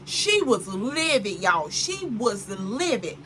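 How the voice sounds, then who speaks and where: Brief: woman storyteller, lively and dramatic, bright voice with faint background noise. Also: medium pitch, takes it slowly, low-quality recording. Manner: animated and dramatic, full of slang asides to the viewer. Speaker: vlogger. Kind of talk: casual storytime chat.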